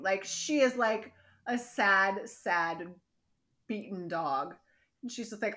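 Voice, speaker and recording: Podcast co-host, woman, lively and worked up, acts out scenes while she recaps. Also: medium pitch, unhurried. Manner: animated, exasperated, acts out characters' lines. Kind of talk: casual chat recap.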